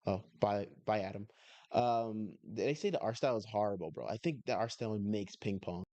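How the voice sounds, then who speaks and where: A man's voice: on the low side, moderate pace, mellow, no room sound, dull audio. A man live-streaming, casually reacting to an anime review video in a laid-back, slangy way.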